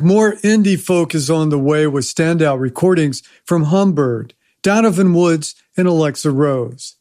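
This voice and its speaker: A man hosting a folk music radio show, announcing songs and upcoming artists in a measured announcer delivery. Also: a little high, a little mellow.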